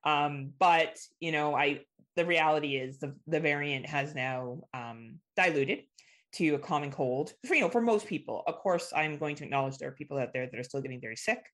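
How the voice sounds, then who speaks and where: A woman from Canada co-hosting a podcast in casual chat, teasing and animated, swearing casually. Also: sits low, a little fast. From Ontario, Canada. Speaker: podcast co-host.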